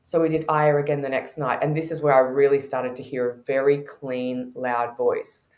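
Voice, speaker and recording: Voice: medium pitch, little pitch movement, moderate pace, darkish tone, echoey room. A podcast guest who teaches intuition, telling candid stories with frequent laughter in a conversational way.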